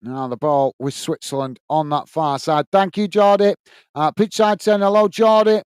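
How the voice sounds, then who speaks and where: A man's voice: fairly high pitch, steady tone, moderate pace, darkish tone, clear, resonant tone, no echo. A man hosting a live football watch-along, calling the play and cheerfully reading out viewers' messages. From United Kingdom. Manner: upbeat, reads out viewer messages and calls the play.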